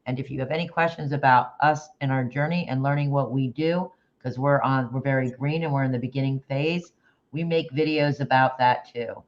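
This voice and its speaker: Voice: medium pitch, fairly even intonation, a little fast, lo-fi sound. A livestream host chatting casually about a case, rambling with restarts and greeting viewers in the chat by name.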